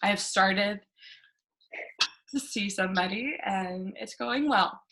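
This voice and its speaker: A woman's voice: mid-range voice, takes it slowly, a bit bright. A young woman doing self-mocking stand-up from her living room over a video call, laughing through her punchlines. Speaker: stand-up comedian. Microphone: webcam on a video call.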